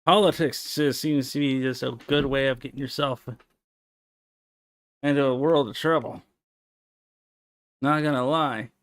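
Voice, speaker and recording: A man streaming live, drawling along at an unhurried pace and lapsing into soft, cooing baby talk for his cat. His voice is close and dry, with no room sound around it. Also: medium pitch, fairly even intonation, no room sound. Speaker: livestream host. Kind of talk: casual stream chat.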